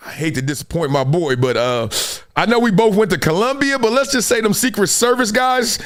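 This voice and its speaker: Middle-aged male host, high lively voice, animated storyteller. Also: fairly quick. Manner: animated storytelling, laughing, acts out quotes. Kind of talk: live-stream sports talk.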